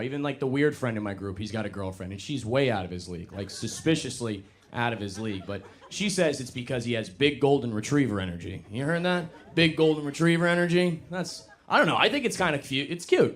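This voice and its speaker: Animated young stand-up comedian man. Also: mid-range voice, fast. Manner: animated, self-mocking, jumps into loud put-on voices. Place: comedy club stage with live audience.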